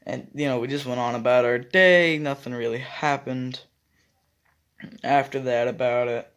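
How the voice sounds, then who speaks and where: A man's voice: medium pitch, fairly even intonation, moderate pace, a bit bright, clear, resonant tone. A young man casually telling a school story to his viewers, rambling and correcting himself as he acts out what others said. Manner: rambling, self-correcting, acts out quoted lines. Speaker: vlogger.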